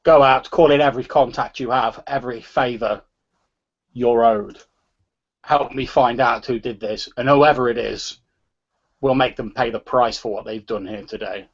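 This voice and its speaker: A man voicing a tough, vengeful female gang leader and demolitions expert, speaking in a low, steady, cold way, on a dull lo-fi recording. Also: normal speed, slightly rough. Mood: commanding.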